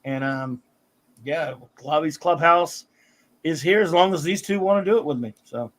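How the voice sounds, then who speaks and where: A man's voice: fairly high pitch, normal speed. A middle-aged man hosting a casual live stream, chatting about comics and thanking viewers by name. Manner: warm shout-outs to chat viewers. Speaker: host of a comics talk stream.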